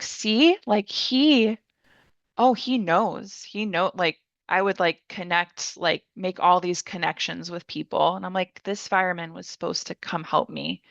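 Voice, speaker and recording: A woman's voice: on the low side, creaky, a bit bright, dry recording, highs cut off. A young woman telling her own story casually, rambling with many fillers and acting out what people said. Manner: rambling, heavy use of "like", acts out her own quotes. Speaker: podcast guest.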